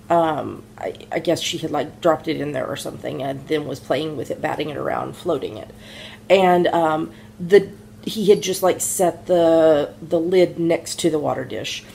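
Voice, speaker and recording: A woman who co-hosts a podcast and is a mother chats casually about knitting in a low, gravelly voice with a darkish tone. She's a rambling, chatty storyteller full of fillers, with slight background noise behind her.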